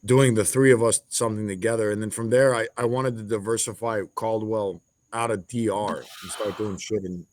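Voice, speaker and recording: Low-voiced blunt man. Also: fairly even intonation, normal speed, hardly any pauses. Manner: blunt, plain-spoken, swears casually. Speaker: podcast guest. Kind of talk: casual podcast conversation.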